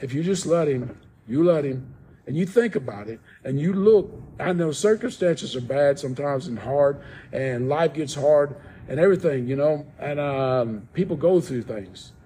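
A man as a podcast guest, telling a personal story in casual talk, soft-spoken and rambling with many restarts. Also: on the high side, lively intonation, normal speed, slight background noise.

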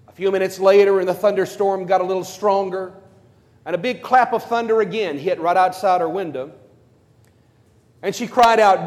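High-voiced priest preaching, emphatic, tells stories, big hall echo. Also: male voice, moderate pace, darkish tone. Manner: storytelling preacher, emphatic, playful asides. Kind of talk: conference sermon. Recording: long hall reverb.

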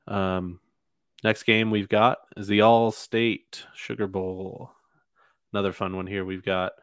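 A man's voice: on the low side, gravelly, no echo, studio quality. A man hosting a casual sports podcast, talking with many fillers and restarts. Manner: hesitant, lots of fillers and restarts. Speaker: podcast host.

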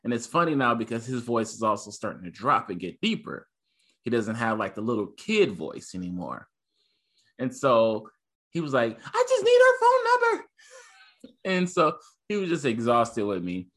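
A man's voice: mid-range voice, very animated, moderate pace, a bit bright. A man in his thirties, a podcast co-host, telling a family story in casual chat and acting out his son's lines.

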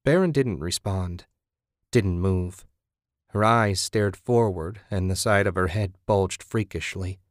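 A male narrator with a lowish voice reads a story in steady, measured scripted narration. The recording is dry and close, with no room sound. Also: no echo. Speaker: audiobook narrator.

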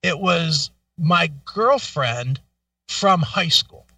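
A middle-aged man with a high, bright voice tells a profane story to his co-host. He is animated and acts out every quote. The studio sounds dry, and he sits a little back from the mic. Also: extremely slow, dry recording, distant mic. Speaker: radio show co-host. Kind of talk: casual storytelling chat.

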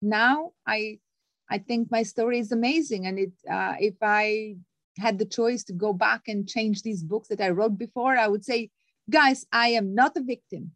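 Here the same kind of emphatic, motivational woman talks at a moderate pace, her tone a bit bright, in a dry recording. As a guest author being interviewed conversationally, she performs quoted voices with large leaps in pitch.

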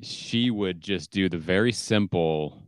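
Deep-voiced, smooth podcast host. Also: male voice, a little slow, no room sound, clean studio sound. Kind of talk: casual chat.

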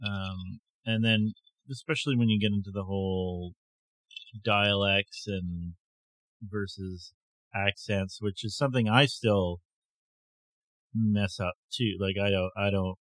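A man's voice: fairly low pitch, steady tone, slow, fairly bright tone, dry recording. A man co-hosting a podcast in casual chat, cracking dry sarcastic jokes. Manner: joking, sarcastic asides. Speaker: podcast co-host.

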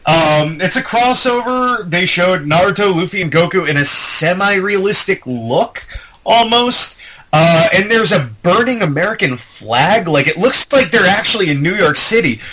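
Bright, halting man recapping game news. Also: high-pitched, expressive, rough recording. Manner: rambling, halting with many fillers, acts out quotes. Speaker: podcast co-host. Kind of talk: casual chat about game trailers.

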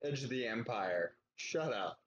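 A man's voice: medium pitch, animated, unhurried, fairly bright tone, slight background noise. Young male co-host, dry teasing humor, muffled lo-fi call sound. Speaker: podcast co-host. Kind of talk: casual chat. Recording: dull lo-fi call audio.

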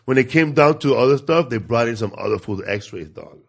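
A man, co-hosting a podcast and chatting casually with quick, slangy asides. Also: mid-range voice, lively intonation, vocal fry, slightly rough. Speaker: podcast co-host. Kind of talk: casual chat.

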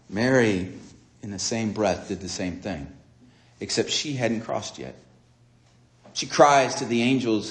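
A man preaching a sermon, retelling a story dramatically and acting out its dialogue with swings between soft and raised delivery. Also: on the low side, unhurried, pauses often, reverberant.

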